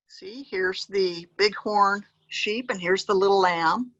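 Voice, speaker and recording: Slow, bright-voiced woman reading to kids. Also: mid-range voice, dry recording, dull audio. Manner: gentle, adds animal sound effects and points to pictures. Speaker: park educator. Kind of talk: reading a picture book aloud to children.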